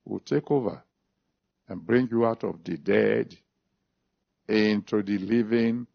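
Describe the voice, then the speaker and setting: A man preaching a sermon, reading scripture, then making an altar call and praying. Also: creaky. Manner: emphatic preaching with big pitch swings, slow drawn-out phrases. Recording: dull lo-fi recording.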